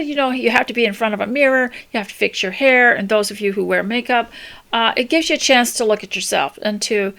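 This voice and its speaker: An older woman hosting a homemaking talk, giving gentle, unhurried advice with many pauses and restarts. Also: on the high side. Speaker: homemaking podcast host. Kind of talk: casual spoken advice talk.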